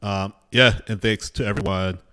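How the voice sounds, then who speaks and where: A man's voice: lowish voice, fairly even intonation, moderate pace, bright, forceful tone, clear, resonant tone. A man from Buffalo, New York, hosting a podcast in an upbeat, casual way and laughing often. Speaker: podcast host.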